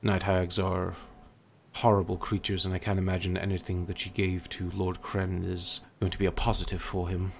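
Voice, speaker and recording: A man voicing a weary older male high cleric, speaking gravely and softly. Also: monotone, moderate pace, a little hiss or hum.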